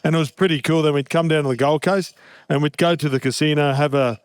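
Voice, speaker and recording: A man's voice: a little high, fairly even intonation, quick pace, clean tone, no room sound, clean studio sound. A middle-aged man and former rugby league captain, swearing freely and laughing as he tells casual stories at a live show in a hotel pub.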